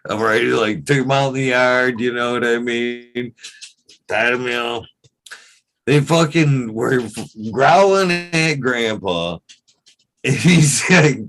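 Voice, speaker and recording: A man's voice: mid-range voice, slow pace, fairly bright tone, rough recording. A young man chatting casually with friends, telling a story animatedly, swearing and laughing often. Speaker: podcast regular. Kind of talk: casual chat among friends.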